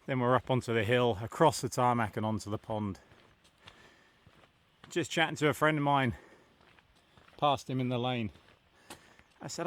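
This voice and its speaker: A man's voice: mid-range voice, moderate pace, long pauses, a bit bright. A man vlogging while he walks outdoors on a country lane, chatty and thinking aloud as he goes. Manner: chatty, thinking aloud, understated British phrasing. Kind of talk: walking vlog narration.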